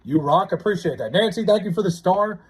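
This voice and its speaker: A young man live-streaming, chatting casually and reading out viewer comments, excitable and stammering with frequent restarts. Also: high voice, brisk, breathy edge.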